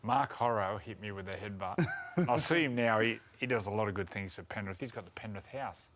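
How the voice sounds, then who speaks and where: A man with an Australian accent, co-hosting a rugby league show and telling animated stories with laughter. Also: lowish voice, brisk. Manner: laughs through animated anecdotes. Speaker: co-host. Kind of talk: casual storytelling.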